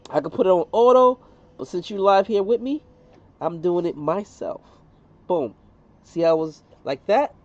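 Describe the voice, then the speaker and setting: A middle-aged man chatting casually on a live stream as he demonstrates an engraving job, slangy and talkative, often saying "boom". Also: darkish tone. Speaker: livestreamer doing laser engraving. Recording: muffled lo-fi sound with faint room noise.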